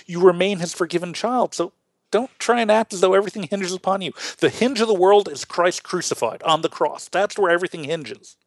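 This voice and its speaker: A man's voice: sits high, moderate pace, dry recording. A man from Illinois hosting a Lutheran podcast, teaching in a casual chat with earnest, stammering restarts. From Illinois, USA.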